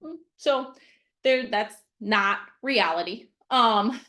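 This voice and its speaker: A blunt, emphatic middle-aged woman teaching casually over a video call, her voice sitting a little high. She drives each point home and checks in with "okay?" after nearly every line. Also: takes it slowly, bright, forceful tone. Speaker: mindset coach.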